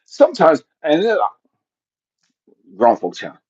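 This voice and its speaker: A middle-aged man giving a blunt, profane motivational talk, animated and jumping to shouts for emphasis. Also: a little high, a little slow, husky, lo-fi sound. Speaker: motivational speaker.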